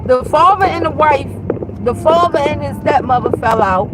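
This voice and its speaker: A woman's voice: high voice, expressive, moderate pace, heavy background noise. A woman in her thirties telling a casual storytime rant, blunt and profane, talking straight to her viewers from inside a car.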